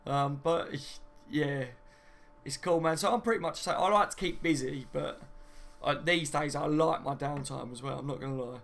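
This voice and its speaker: Chatty man with a gravelly edge. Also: fairly high pitch, moderate pace, fairly bright tone. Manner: chatty, laughs often, reads viewer comments. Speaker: fan channel host. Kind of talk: casual live-stream chat. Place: home.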